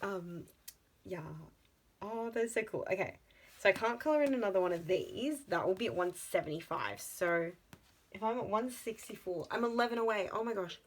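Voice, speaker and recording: Aussie woman vlogging her budget stuff, super chatty and excited, mid pitch. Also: normal speed, poor audio. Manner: excitable and chatty, with frequent gasps and exclamations. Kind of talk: casual vlog chat.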